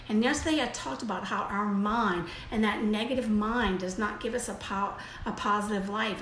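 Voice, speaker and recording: An older woman talks through a home live stream in a loose, rambling way, full of fillers and restarts. Her voice sits at an ordinary middle pitch. The room rings with echo, and a faint ambience hums behind her. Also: slight background noise. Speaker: host of a daily live video. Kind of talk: casual live-stream chat.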